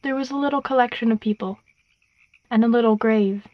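Woman, storybook narration, expressive, slightly high voice, dry, muffled. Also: brisk, dry recording.

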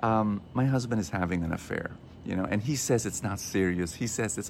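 Animated Filipino man preaching on radio. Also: lowish voice, a little fast, gravelly, a little hiss or hum. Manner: animated storyteller, quotes others in shifting voices. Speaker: radio show host and preacher. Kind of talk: inspirational sermon talk.

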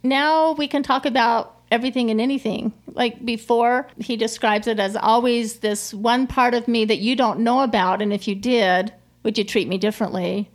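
A middle-aged woman telling a personal story as an interview guest, in a heartfelt, halting way with many restarts. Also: a little high, fairly even intonation. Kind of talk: conversational interview.

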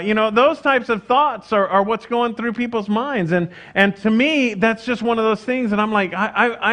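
A man's voice: sits high, a bit bright. A middle-aged man, preaching a casual, conversational sermon with frequent fillers and restarts. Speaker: pastor.

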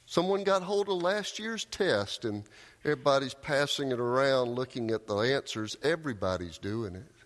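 A man preaching a sermon, telling a story with raised cries and quiet, low emphasis. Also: animated, moderate pace. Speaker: pastor. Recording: long hall reverb.

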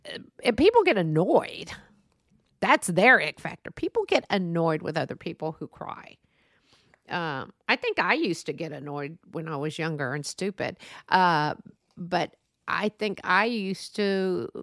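A middle-aged woman hosts a casual solo podcast, speaking earnestly in a mid-range, slightly bright voice with vocal fry. She rambles into tangents, apologizes, and comes back, with many fillers and restarts, all in clean studio sound with no echo.

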